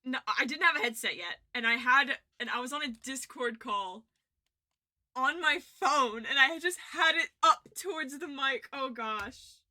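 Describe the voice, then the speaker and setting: A woman's voice: high voice, lively intonation, unhurried, pushed and bright. A young woman streaming, chatting casually and rambling with frequent giggles and restarts. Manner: giggly, rambling, self-interrupting. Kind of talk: casual livestream chat.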